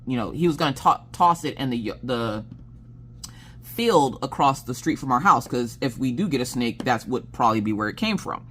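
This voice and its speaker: A woman chatting casually on her craft channel, telling animated stories and laughing as she goes. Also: normal speed, breathy edge. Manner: animated, acts out quoted dialogue with big pitch jumps. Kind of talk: casual chat storytelling.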